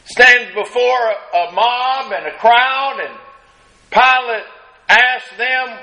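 A man preaching a sermon, retelling a scene dramatically and acting out the crowd's shouts. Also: very high-pitched, low-quality recording. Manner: slow, drawn-out delivery with long pauses.

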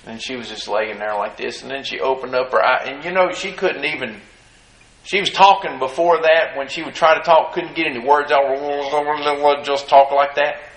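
Male preacher, middle-pitched, folksy sermon delivery, echoey hall sound. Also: moderate pace, a bit bright. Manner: folksy, reads scripture then comments with rising emphasis. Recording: roomy echo.

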